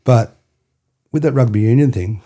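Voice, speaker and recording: A man's voice: mid-range voice, normal speed, dark tone. An Australian man telling stories as a podcast guest, rambling and repeating himself, often checking in with "you know what I mean". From New South Wales, Australia. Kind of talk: storytelling interview.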